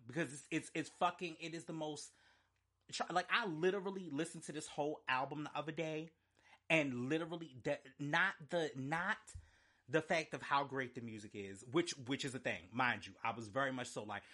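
A man's voice: a little high, normal speed, fairly bright tone. A man reviewing an album in an unscripted, emotional rant, talking in a profane, heated and emphatic way. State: choked up. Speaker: music reviewer.

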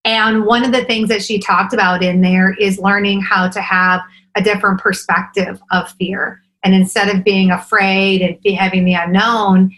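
A woman's voice: medium pitch, little pitch movement, normal speed, hardly any pauses, a bit bright, slight background noise, rough recording. A woman in her forties, a podcast guest talking casually and eagerly, often tagging her points with "right?". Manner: enthusiastic, fillers like "right?" and "like". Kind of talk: casual interview chat.

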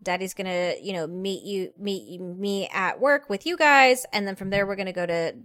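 A woman in her thirties chatting casually, telling lively stories and acting out her kids' voices. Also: mid-range voice, normal speed, no room sound, clean studio sound. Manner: animated storyteller, acts out kids' voices. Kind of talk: casual chat.

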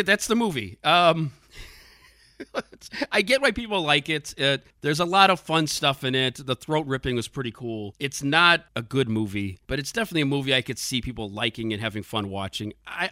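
A man's voice: medium pitch, bright, forceful tone, no room sound, studio quality. A man hosting a podcast, giving a casual, sarcastic movie review and laughing often. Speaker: podcast host.

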